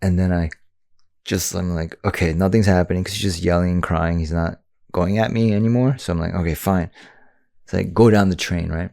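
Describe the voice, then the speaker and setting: A man's voice: low-pitched, fairly even intonation, a little fast, vocal fry, a little mellow, dry recording, studio quality. A man hosting a podcast, talking in a casual, rambling way with lots of filler words. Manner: rambling, many "you know" and "like" fillers. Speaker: podcast host. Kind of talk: casual reflective monologue.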